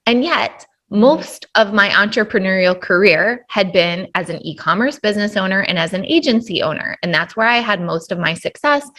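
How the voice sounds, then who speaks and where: A woman's voice: medium pitch, fairly bright tone. A woman hosting a casual podcast interview, enthusiastic and affirming, laughing often. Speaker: podcast host.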